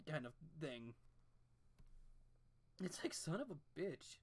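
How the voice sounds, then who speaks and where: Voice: mid-range voice, big pitch swings, slow pace, darkish tone. An art streamer who chats while drawing at home on a desk mic, rambling and ranting with plenty of swearing and restarts.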